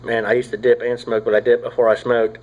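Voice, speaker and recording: A young man, rambling casually through a product review, swearing often and filling pauses with "uh" and "like.". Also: medium pitch, flat delivery, a little mellow, dull audio. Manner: rambling, profane, drawling with frequent fillers. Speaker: tobacco reviewer.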